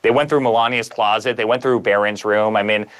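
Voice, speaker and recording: Fast-talking emphatic man. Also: fairly low pitch, steady tone, fairly bright tone, clear, resonant tone. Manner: emphatic, piling up repeated phrases. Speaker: guest author. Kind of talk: conversational interview.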